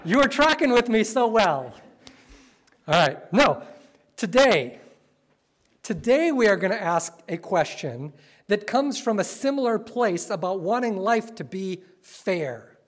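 A man preaching to his congregation, telling stories conversationally and slowing down hard on key phrases. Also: sits high, big pitch swings. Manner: conversational, playful storytelling with sudden slow emphatic phrases. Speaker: pastor. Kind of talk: sermon. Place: church sanctuary with congregation.

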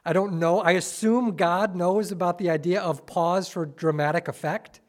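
A male pastor preaching a sermon, dramatic and full of rhetorical questions, swinging between soft and loud. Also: high voice, fairly even intonation, moderate pace.

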